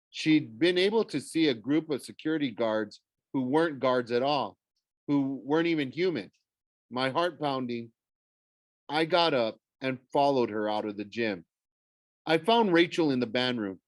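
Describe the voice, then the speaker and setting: A man's voice: medium pitch, no echo. Man casually reading a novel aloud. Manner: casual, stumbles and corrects himself. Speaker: audiobook reader. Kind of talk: first-person novel reading.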